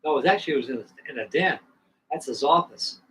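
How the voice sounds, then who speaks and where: A man's voice: a little high, lively intonation, fast talker, a bit bright. A man in his sixties hosting a live stream, telling a long story in a rambling, casual way with many restarts. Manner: rambling, frequent restarts and asides. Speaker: host. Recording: distant mic with faint background noise.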